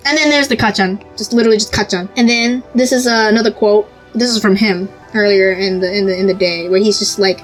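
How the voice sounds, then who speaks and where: A woman hosting a podcast, excitedly talking through comic panels with quick asides and fillers, sometimes reading short lines in Japanese. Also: mid-range voice, soft background music, rough recording. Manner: gushing, animated, quick asides with many fillers. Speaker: podcast host. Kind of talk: excited casual commentary on a comic.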